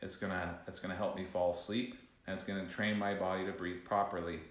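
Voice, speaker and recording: A man's voice: low voice, level tone, brisk. A man leading a casual breathing class, rambling, restarting sentences and joking aside to a co-host. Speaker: breathing coach. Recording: echoey room.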